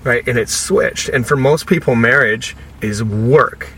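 A man with a bright, forceful voice talks casually as an interview guest. He is an animated storyteller who slips into the voices of the people he quotes. A faint hiss sits under his speech. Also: medium pitch, a little slow. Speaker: podcast guest, author and speaker.

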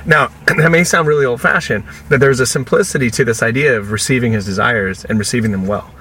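Bright-voiced man telling lively stories. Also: medium pitch, quick pace, slight background noise. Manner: animated storyteller who acts out the people he quotes. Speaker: podcast guest, author and speaker. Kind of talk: casual conversational interview.

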